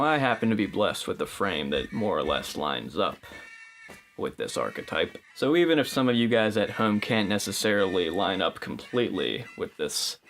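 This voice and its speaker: A man's voice: fairly low pitch, fairly bright tone. Sarcastic young man in a mock how-to monologue. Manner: sarcastic, mock-instructional, shifts into silly voices. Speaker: comedy video host. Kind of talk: satirical scripted monologue.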